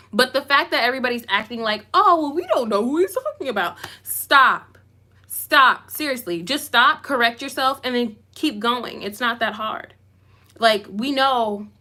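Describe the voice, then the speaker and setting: A woman's voice: a little high, bright, forceful tone. A woman YouTuber doing live commentary and reading comments, talking emphatically and repeating herself for emphasis. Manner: self-described goofy.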